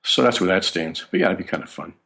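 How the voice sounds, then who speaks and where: A man with a very low, deep voice talks through his memories as an interview guest. He rambles from one anecdote to the next, stopping and restarting his sentences as he goes. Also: lively intonation, quick pace, gravelly, fairly bright tone, a little hiss or hum. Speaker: guest bassist. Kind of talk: casual interview storytelling.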